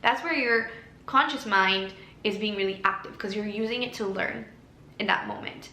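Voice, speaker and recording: A woman giving a casual self-help talk to camera, earnest and gently encouraging. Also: medium pitch, normal speed, reverberant, low-quality recording. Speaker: lifestyle creator.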